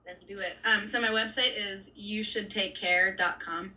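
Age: adult. Sex: woman. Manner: bright, chatty, laughing. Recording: distant from the mic over a video call. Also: mid-range voice, fairly even intonation, normal speed. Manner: rambling, heavy use of "like", laughs often, swears casually. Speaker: artist guest. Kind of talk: casual chat. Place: San Francisco area.

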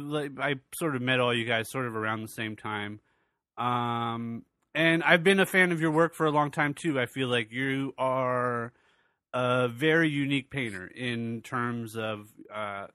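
A man's voice: mid-range voice, pushed and bright, no room sound. A man hosting his podcast in casual chat, rambling and loose, swearing freely. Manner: rambling, loose and profane, with many fillers. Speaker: podcast host.

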